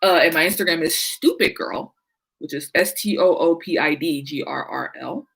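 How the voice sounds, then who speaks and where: A woman's voice: sits low, normal speed, vocal fry, a bit bright, husky, low-quality recording. A woman talking casually and animatedly about music, laughing often and swearing freely. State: sleepy, yawning. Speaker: podcast host. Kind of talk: casual chat.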